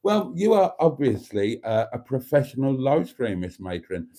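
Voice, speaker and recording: Live stream host, male, camp and self-mocking, warm mellow tone, very lively pitch, phone mic. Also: normal speed. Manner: theatrical, self-mocking, calls viewers darlings. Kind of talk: casual live stream chat reading viewer comments. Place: at a table indoors. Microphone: phone camera.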